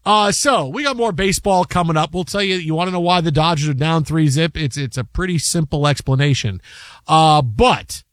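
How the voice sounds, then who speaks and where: A man's voice: fairly high pitch, moderate pace, a bit bright, no room sound, clean studio sound. A man hosting a sports talk show, telling stories animatedly and acting out the people in them. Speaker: sports radio host.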